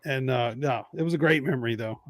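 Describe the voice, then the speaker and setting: A man's voice: mid-range voice, quick pace, dry recording, studio quality. A man hosting a podcast, telling a story in casual chat and acting out the people in it. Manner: animated storyteller acting out quotes. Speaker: podcast host.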